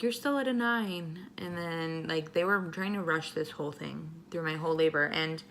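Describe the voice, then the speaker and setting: A woman's voice: low voice, fairly bright tone, a little hiss or hum. Blunt young woman telling her birth story. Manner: blunt, emotional, swears freely, acts out other people's lines. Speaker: vlogger. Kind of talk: candid personal storytelling.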